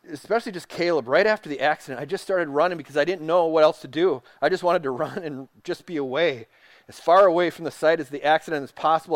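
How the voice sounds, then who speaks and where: A man preaching a sermon, reading quotes aloud and dropping to a soft hush for tender passages. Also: on the high side, dry recording, clean studio sound. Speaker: pastor.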